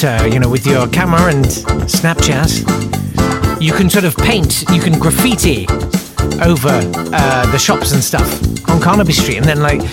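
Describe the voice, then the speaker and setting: A man hosting a podcast in a casual chat, wry and rambling with jokey asides. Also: fairly high pitch. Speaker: podcast host. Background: loud music.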